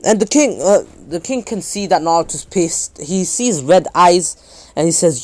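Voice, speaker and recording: Brief: guy narrating an improvised story, rambling and correcting himself, slightly higher voice. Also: unhurried, darkish tone. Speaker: YouTube storyteller. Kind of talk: improvised fan-fiction storytelling.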